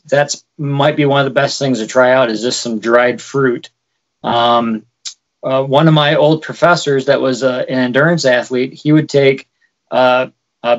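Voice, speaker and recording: A podcast co-host with a light Wisconsin accent chats casually, explaining things with frequent fillers. His medium-pitched voice is a bit bright, and the audio's highs are cut off.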